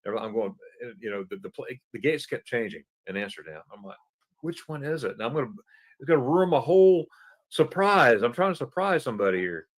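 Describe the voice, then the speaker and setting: A man telling a travel story as a podcast guest, animated and stumbling over repeated words while he acts out the dialogue. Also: mid-range voice, brisk. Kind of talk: casual anecdote telling.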